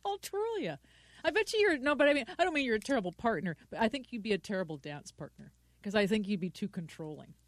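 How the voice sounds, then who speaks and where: A woman's voice: on the high side, sing-song, quick pace, no room sound. A woman co-hosting a talk show in a casual chat, giggly, rambling and playfully pushy. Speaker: podcast co-host.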